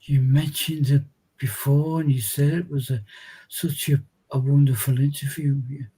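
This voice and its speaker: A man co-hosting a casual chat, giving measured, reflective replies. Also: medium pitch, level tone, dark tone, husky, rough recording. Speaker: co-host.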